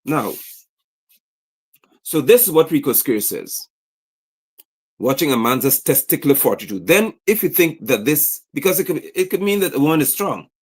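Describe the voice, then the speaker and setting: An indignant male commentator on a livestream, his voice swinging widely in pitch as he reads out posts and keeps asking whether any of it is acceptable. He sits a little high for a man. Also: animated, moderate pace, pauses often, slightly rough. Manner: indignant, rhetorical questions, reads posts aloud. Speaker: political commentator. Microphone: streaming setup mic.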